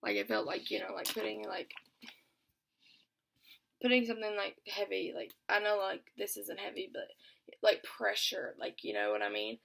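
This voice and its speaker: A woman's voice: mid-range voice, normal speed, vocal fry, long pauses, a bit bright. A young woman telling a storytime vlog in a chatty way, filling almost every phrase with "like". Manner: chatty, says "like" constantly. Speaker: vlogger.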